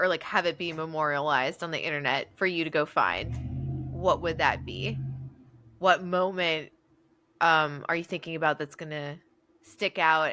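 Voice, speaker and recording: A woman co-hosting a podcast, telling casual stories with lots of laughter and acted-out quotes. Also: no room sound. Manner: animated storyteller, laughs often, acts out quotes in a higher voice. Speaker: podcast co-host. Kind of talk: casual storytelling chat.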